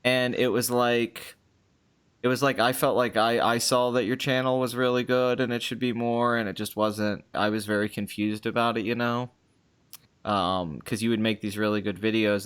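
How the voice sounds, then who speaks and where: A man hosting a casual chat, excitable, swearing freely and restarting his sentences. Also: mid-range voice, clear, resonant tone. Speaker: podcast host.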